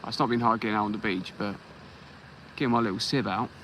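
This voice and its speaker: A man's voice: fairly low pitch, fairly even intonation, quick pace, background noise. An English man hosting a fishing livestream from the beach, chatting easily and greeting viewers by name. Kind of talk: casual live chat while fishing. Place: beach outdoors at night.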